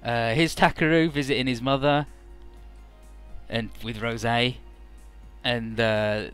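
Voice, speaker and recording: A man's voice: mid-range voice, fairly even intonation, slow, a bit bright, smooth, faint music behind. A man giving casual, joking commentary over a video game playthrough, summarizing the story in a rambling way. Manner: joking, rambling, paraphrasing characters.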